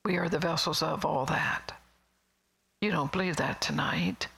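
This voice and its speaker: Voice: medium pitch, measured pace, vocal fry, fairly bright tone, slightly rough, low-quality recording. A middle-aged preacher giving a sermon in a rambling, conversational way, with chuckling asides and whispered emphasis.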